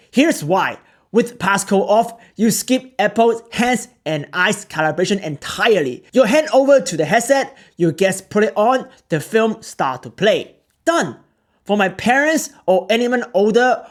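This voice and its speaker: A man hosting a tech channel, narrating a product tutorial in earnest, explanatory short sentences. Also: high-pitched. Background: background music.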